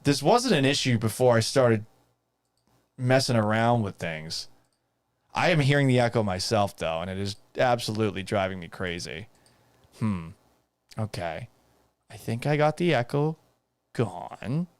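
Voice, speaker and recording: A man's voice: lowish voice, lively intonation, measured pace, long pauses. A man hosting a live sports talk stream, talking casually and reading out viewer comments, exasperated and swearing, and mocking himself. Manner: reads viewer comments aloud.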